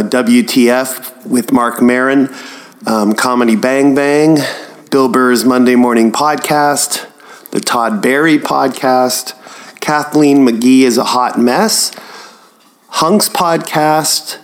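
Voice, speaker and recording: Slow-talking hesitant male comedian. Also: medium pitch. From Canada. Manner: hesitant, filler-heavy, friendly. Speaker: comedian podcast host. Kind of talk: casual podcast intro.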